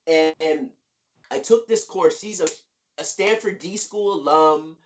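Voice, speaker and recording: Fairly high-voiced, emphatic middle-aged man. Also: measured pace, slight background noise. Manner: energetic, emphatic, keeps asking "right?". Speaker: author and guest speaker. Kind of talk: conversational interview.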